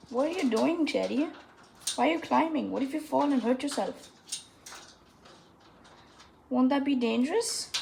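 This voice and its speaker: A woman's voice: high-pitched, gravelly, a little mellow, a little hiss or hum. A woman at home filming her pet bird on a handheld phone, talking to it in a coaxing, sing-song way. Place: indoors at home. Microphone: handheld phone camera.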